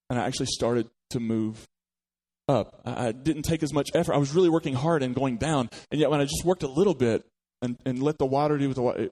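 A man's voice: mid-range voice, a little mellow. A man preaching a sermon, telling personal stories and acting out quoted voices, with frequent restarts. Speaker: pastor.

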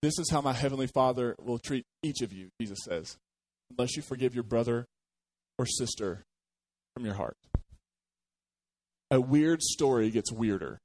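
A man's voice: mid-range voice, lively intonation, moderate pace, pauses often, a little mellow. A man preaching a sermon as pastor, talking conversationally, asking the congregation questions and joking as he retells a parable.

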